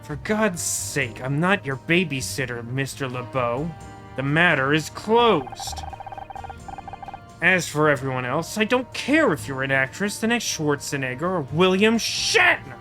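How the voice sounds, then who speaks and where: A man's voice: fairly high pitch, big pitch swings, measured pace, pushed and bright, faint music behind, full character voice. A man voicing a stern male senior detective in a curt, commanding way for a video game.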